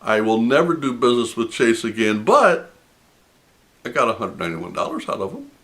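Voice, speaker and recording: Fast and lowish, his voice swings widely in pitch. He runs a personal finance channel and, addressing the camera, recounts a phone argument in an indignant, heavily emphatic way, laughing as if he can't believe it.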